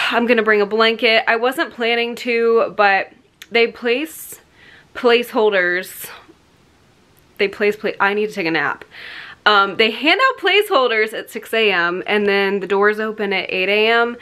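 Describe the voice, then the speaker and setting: A woman's voice: medium pitch, a little slow, pushed and bright, smooth, poor audio. A young woman chatting casually to camera in a vlog, tired, rambling with lots of ums and likes. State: tired late at night. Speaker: vlogger.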